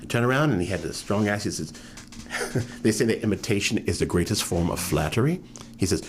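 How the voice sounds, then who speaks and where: A man in his fifties tells stories from his life in an oral history interview. His voice sits low but swings widely in pitch as he acts out the people he quotes. Faint room noise lies underneath. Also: animated, brisk. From New York. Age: 50s.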